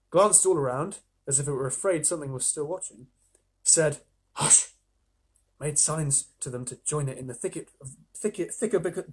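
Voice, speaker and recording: A man reading a children's story aloud on a live stream, chatty, with playful asides, his voice slightly husky. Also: fairly high pitch, darkish tone.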